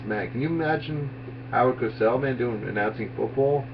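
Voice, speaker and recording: A man talks in a mumbling, offhand way and keeps wandering off his point. His voice sits at a middling pitch. It sounds distant and muffled on a lo-fi recording with a faint hiss. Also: moderate pace. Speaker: comedian. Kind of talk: rambling comedic tribute monologue.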